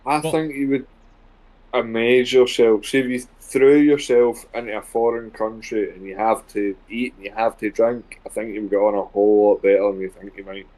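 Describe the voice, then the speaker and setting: A man chatting casually as a co-player, calm and matter-of-fact. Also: fairly low pitch, normal speed, few pauses, low-quality recording. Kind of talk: casual gaming chat.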